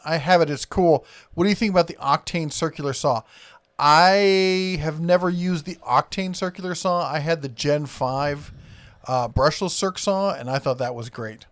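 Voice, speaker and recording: A man with a plain Iowa accent talks casually on a live stream, reading out viewer comments and drifting between topics. His voice sits a little high, and his speech is loose and full of fillers. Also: moderate pace, fairly bright tone. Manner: rambling, reads viewer comments aloud, frequent fillers.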